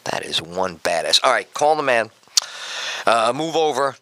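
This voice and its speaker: A middle-aged man hosting live talk radio, loose and jokey, rambling from one thought to the next and poking fun at himself. His voice is very bright and cutting, swinging widely up and down. It sits close and dry on the mic. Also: medium pitch, very animated, a little slow, dry recording. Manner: loud, joking, self-mocking, talks to studio crew. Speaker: radio talk show host.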